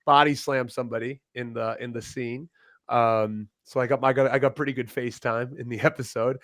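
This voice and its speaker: A man's voice: mid-range voice, fairly quick, no echo. Man, podcast guest, casual storytelling, laughs a lot, dry room. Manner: relaxed storyteller, laughs often, swears casually. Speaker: guest, professional wrestler. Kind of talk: casual interview chat.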